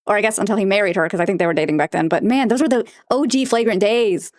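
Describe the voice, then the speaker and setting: Fast-talking exasperated woman reactor. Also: mid-range voice, darkish tone, dry recording, studio quality. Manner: blunt, exasperated, rapid-fire. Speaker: reaction video host. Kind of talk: casual reaction commentary.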